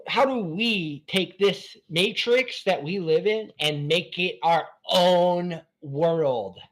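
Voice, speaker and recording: A man hosting a live stream from his phone, rambling between topics in an excitable, profane way. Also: sits high. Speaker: channel host.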